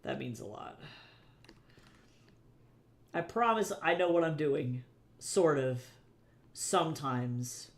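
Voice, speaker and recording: Young male artist-streamer, casual chatter, gravelly tone. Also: a little high, lively intonation, slow pace, long pauses. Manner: chatty, thinks aloud, answers chat. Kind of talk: casual livestream chat while drawing.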